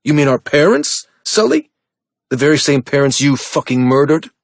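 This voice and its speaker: A man's voice: medium pitch, very animated, a little slow, slightly rough, dry recording, heavily acted. A male audiobook narrator voicing a menacing, sneering man with an American accent. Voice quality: taunting, sneering. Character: menacing sneering man, the hero's hateful brother.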